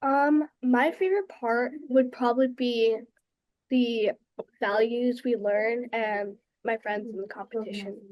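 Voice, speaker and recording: Teen girl, slow and high-pitched, dry sound. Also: steady tone, no room sound, muffled recording. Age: teens. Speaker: speech team student.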